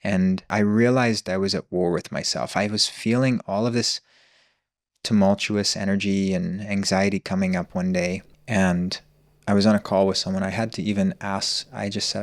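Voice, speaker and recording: A man's voice: low voice, steady tone, no room sound, studio quality. A man telling his personal story as a podcast guest, earnest and searching. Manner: earnest, open, slow and searching.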